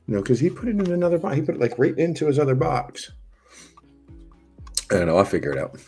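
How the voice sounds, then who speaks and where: A man's voice: mid-range voice, very animated, fast, dark tone, husky, faint music behind. A man streaming live, chatting casually and rambling as he answers and reads out viewers' messages. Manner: rambling, talks to chat and reads their messages aloud.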